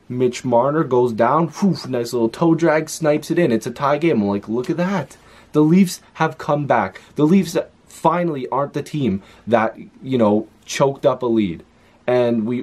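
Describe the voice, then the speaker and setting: A young man recapping a hockey game in a casual, excitable way, full of fillers and quick asides. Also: mid-range voice. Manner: excitable, talks fast with frequent fillers. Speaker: hockey vlogger.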